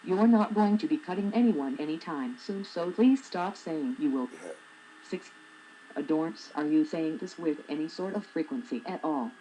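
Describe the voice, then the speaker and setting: A woman's voice: sits low, normal speed, mellow, slight background noise, poor audio. A woman in her forties, a blogger reading her own humorous essay aloud with a wry, sarcastic manner. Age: 40s.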